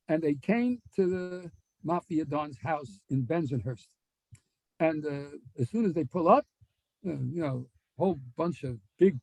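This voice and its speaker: A man telling a story in a Torah class, animated and acting out the dialogue. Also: on the high side, no room sound, poor audio. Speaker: rabbi giving a Torah class.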